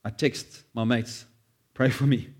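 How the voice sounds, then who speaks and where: A man preaching a sermon, animated, acting out quoted prayers and joking at his own expense. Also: mid-range voice, measured pace. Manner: animated, acts out quoted prayers, self-deprecating asides. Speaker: pastor.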